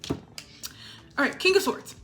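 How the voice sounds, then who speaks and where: A woman's voice: measured pace, a bit bright. A woman giving a spiritual tarot reading to her viewers. She talks in an emphatic, sassy way and keeps checking in with "all right?". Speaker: tarot reader.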